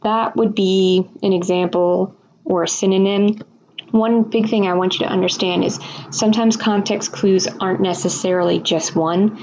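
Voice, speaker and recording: Gravelly-voiced woman teacher. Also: medium pitch, fairly even intonation, moderate pace, darkish tone, lo-fi sound, slight background noise. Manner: patient step-by-step explaining. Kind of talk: recorded screen lesson.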